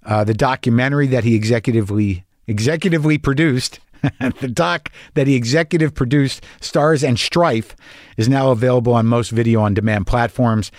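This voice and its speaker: A man's voice: mid-range voice, fairly quick, darkish tone, no room sound, studio quality. A middle-aged man hosting a podcast, rambling and profane, with many restarts. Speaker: podcast host. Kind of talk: casual monologue and interview.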